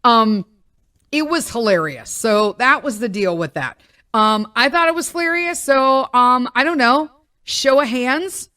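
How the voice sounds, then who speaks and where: A middle-aged woman hosting a podcast, telling a story in a rambling, animated way full of tangents. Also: on the high side, unhurried, no room sound, clean studio sound. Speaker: podcast host. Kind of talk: casual storytelling monologue.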